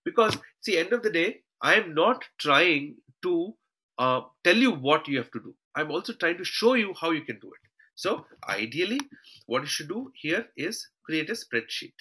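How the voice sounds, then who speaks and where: The recording is rough with a little hiss or hum as a man teaches a live online class over a shared screen. His voice is on the high side, sing-song and sharp at a normal speed. He calls his students "team" and caps his points with "okay" and "all right".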